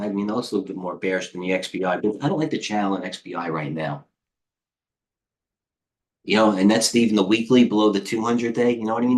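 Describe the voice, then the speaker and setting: A man with a slightly low voice and an American accent, talking through the market live as a trading coach. He rambles and jumps between stock symbols, getting excitable and chatty as he goes.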